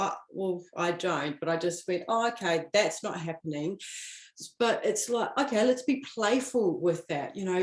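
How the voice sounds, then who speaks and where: A woman's voice: fairly low pitch, a little mellow. Playful chatty woman in an echoey room. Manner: chatty, playful, riffs and laughs, acts out quoted self-talk. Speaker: host of a weekly card reading. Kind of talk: casual live-stream talk.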